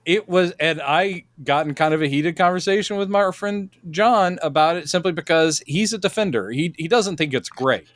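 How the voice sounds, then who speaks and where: A man hosting a casual podcast chat, opinionated and animated as he tells stories, on a close podcast mic. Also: on the high side, normal speed, few pauses, no room sound. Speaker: podcast host.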